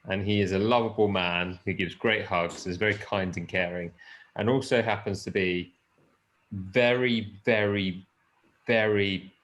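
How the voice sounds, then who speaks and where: Male podcast host, lowish voice, loose casual chat with fillers. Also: fairly even intonation, a little slow, a bit bright, dull audio. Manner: chatty, rambling, with fillers and swearing. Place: lives in the Peak District.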